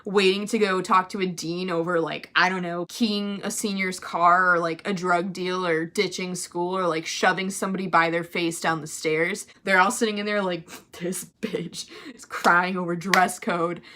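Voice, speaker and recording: A teenage girl telling a storytime vlog, chatty and animated, full of "like". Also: on the low side, normal speed, few pauses. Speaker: vlogger.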